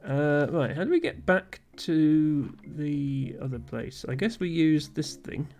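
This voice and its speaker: A man's voice: a little high, sing-song, takes it slowly, darkish tone. A man streaming a video game live, thinking aloud with frequent ums and little chuckles.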